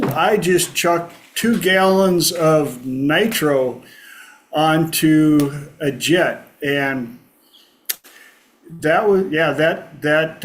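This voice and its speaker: A man leads a casual group conversation as its host. His voice sits a touch high, and he takes his time over every phrase in a calm, reflective manner. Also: slight background noise.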